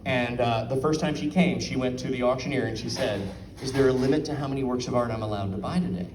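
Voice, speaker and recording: A mid-range male voice moves at a quick pace as he chats casually with a live audience at an art auction, asking them questions and acting out quotes. He's recorded far from the mic, with a roomy sound and some background noise.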